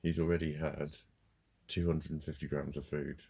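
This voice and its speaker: A man's voice: rumbling low, level tone, moderate pace, gravelly, mellow, breathy edge. A man ranting casually in a sweary, heated way, telling a story with bursts of laughter. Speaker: vlogger.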